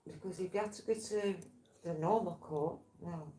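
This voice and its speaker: A woman's voice: fairly low pitch, moderate pace, mellow. A woman in casual chat, telling meandering, tangent-hopping stories and swearing freely. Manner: rambling, tangential storytelling with swearing. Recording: roomy, faint background ambience.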